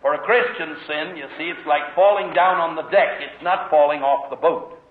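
Middle-aged preacher on a tinny, echoey recording. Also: male voice, on the high side, normal speed. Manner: animated storytelling with emphatic rhetorical questions. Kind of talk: sermon.

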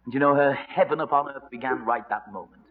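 A man preaching a storytelling sermon, swinging dramatically between loud and hushed. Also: mid-range voice, quick pace. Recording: reverberant hall, dull lo-fi sound.

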